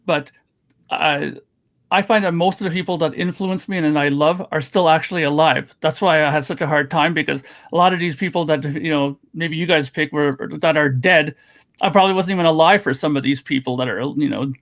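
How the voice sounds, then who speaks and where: A man's voice: fairly high pitch, fairly quick, a bit bright. A man in casual chat who halts and repeats words while he searches for his point.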